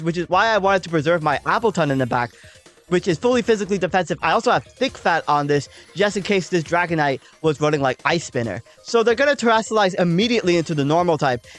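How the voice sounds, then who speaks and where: Chatty woman narrating her game battle. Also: fairly low pitch. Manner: chatty, talks through her thinking, frequent "um" and "like". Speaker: gaming channel host. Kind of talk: casual game battle commentary.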